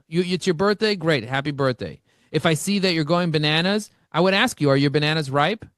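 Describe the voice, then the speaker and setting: A man speaking as an interview guest, telling energetic stories and acting out both sides of conversations. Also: high-pitched, no echo, clean studio sound. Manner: animated, acts out dialogue with shifting voices. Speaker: podcast guest, marketing expert.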